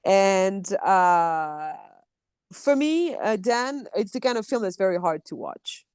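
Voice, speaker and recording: Woman, expressive storyteller, conversational interview, dry sound. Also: mid-range voice, slow pace, clean tone, no room sound. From France. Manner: animated storyteller acting out quotes, restarts often. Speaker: actor and dub producer. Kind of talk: casual interview chat.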